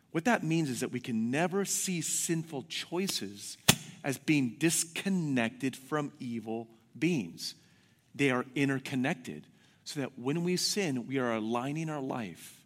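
A man preaching a sermon as pastor, telling stories with animated swings from hushed to shouting. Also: on the high side, long reverb tail.

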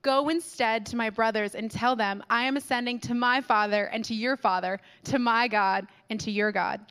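A man voicing Jesus, a calm risen teacher, gently and solemnly during a church scripture reading. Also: very high voice, normal speed, clear, resonant tone, long reverb tail, pitched above the performer's own voice, heavily acted. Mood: solemn gentle.

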